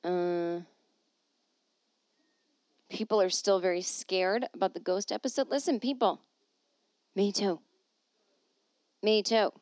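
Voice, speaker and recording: A woman's voice: medium pitch, slow pace, pauses often, a little mellow, no room sound. Sarcastic woman riffing on a podcast. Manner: sarcastic, swears freely, slips into silly put-on voices. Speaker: comedy podcast host. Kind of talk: comedic solo podcast, reading and riffing.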